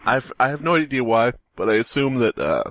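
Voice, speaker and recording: A man's voice: medium pitch, sing-song, brisk, a bit bright, dry recording, clean studio sound. A man co-hosting a podcast, reading a story aloud and breaking off to riff and laugh. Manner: laughs often, stumbles and riffs while reading. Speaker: podcast co-host, story reader. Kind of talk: casual chat and reading aloud.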